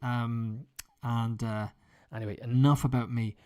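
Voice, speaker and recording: A man's voice: medium pitch, flat delivery, unhurried, dark tone. Man teaching business English vocabulary. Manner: explains vocabulary with example sentences; chatty, with frequent fillers and restarts.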